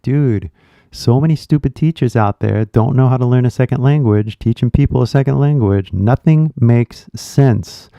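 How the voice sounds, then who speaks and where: A man's voice: medium pitch, creaky, dry recording, highs cut off. A man with a Californian American accent, hosting his channel as an English teacher and rambling in casual chat straight to viewers. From California, USA. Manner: rambling, animated, talks directly to viewers.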